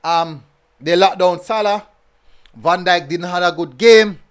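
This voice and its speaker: A man's voice: sits high, a little slow. A man hosting a casual football review stream, reading chat comments and talking in a chatty way, full of fillers and repeated phrases.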